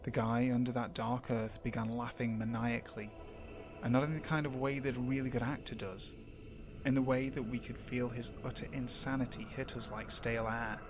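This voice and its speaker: A man's voice: medium pitch, flat delivery, moderate pace. Man narrating horror stories over music.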